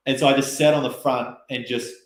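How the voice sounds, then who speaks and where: A man telling stories casually in an interview, relaxed and chatty, with lots of fillers and quoted asides. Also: mid-range voice, fairly quick. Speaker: guest rower. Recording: roomy echo.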